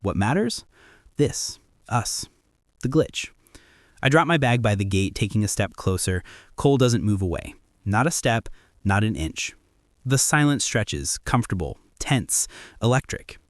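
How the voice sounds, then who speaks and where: A man's voice: on the low side, very animated, unhurried, long pauses, no echo. Man, audiobook narrator, wry, conversational, dry close recording. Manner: casual, wry, conversational storytelling. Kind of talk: first-person audiobook story narration.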